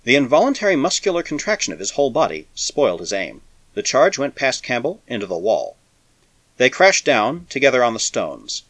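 Man, audiobook narrator, dramatic reading, animated pitch, dry close sound. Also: fairly quick, no echo. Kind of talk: scripted narration of science fiction.

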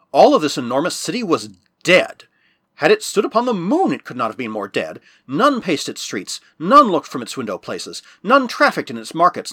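A man narrating an old adventure novel with a husky, slightly breathy voice. His pitch moves a lot, rising and falling through each sentence. The recording is dry and close. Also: no echo. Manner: measured storytelling with lively rises and falls. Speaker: audiobook narrator.

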